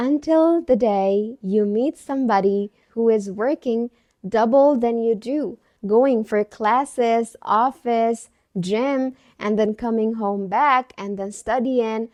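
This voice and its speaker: A woman's voice: fairly high pitch, fast talker, darkish tone, dry recording, clean studio sound. Earnest young woman telling her story. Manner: earnest, conversational, reflective. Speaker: English-speaking vlogger. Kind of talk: personal storytelling to camera.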